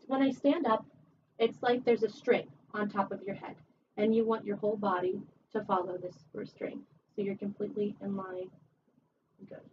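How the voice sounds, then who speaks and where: A woman voice teacher giving a one-on-one singing lesson, chatty and encouraging, her voice a little rough from a recent cold. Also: a little high. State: recovering from a cold. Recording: distant, dull camera audio with faint hiss.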